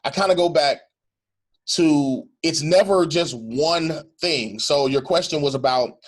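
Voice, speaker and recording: A man's voice: fairly high pitch, a little slow. A middle-aged male pastor talking earnestly in a reflective conversation, repeating phrases for emphasis.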